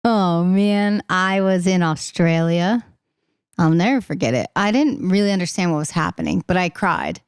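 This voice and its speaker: A young woman in casual podcast chat as a singer-songwriter guest, talking fast and laughing, acting out the voices she quotes. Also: on the low side, smooth, dry recording, clean studio sound.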